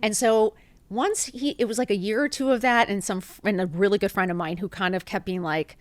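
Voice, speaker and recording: A woman's voice: mid-range voice, fairly even intonation, brisk, no room sound. A woman in her fifties, a podcast guest, telling a personal story with emotion, swearing freely and acting out the dialogue. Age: 50s. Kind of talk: candid storytelling interview.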